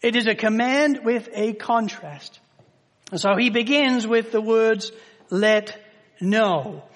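English man, pastor, sermon, emphatic, high-pitched voice, long hall reverb. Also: fairly bright tone. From England. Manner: emphatic, with slow stressed words and sudden rises in volume.

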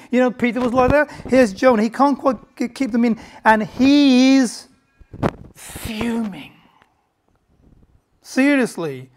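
A man preaching a sermon in an emphatic, conversational way, often pausing for effect. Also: very high-pitched. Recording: loud background noise.

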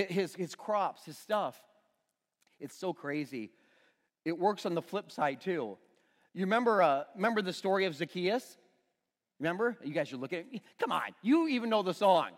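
A man preaching a sermon in a church, talking conversationally and joking with the congregation. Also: a little high. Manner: animated, conversational preaching with playful asides to the congregation. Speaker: pastor. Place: church sanctuary. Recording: long reverb in a big room.

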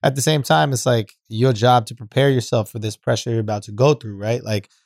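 A male podcast co-host who argues his point fast and in slang. He is recorded dry and close, with no room sound. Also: mid-range voice, steady tone, vocal fry, darkish tone, no room sound. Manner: argumentative, slangy, quick to debate. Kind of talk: casual podcast banter.

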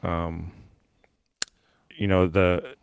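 A man's voice: low voice, level tone, very slow, gravelly, smooth, no echo. A man co-hosting a podcast in casual chat, rambling with many fillers and restarts and laughing often. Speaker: podcast co-host.

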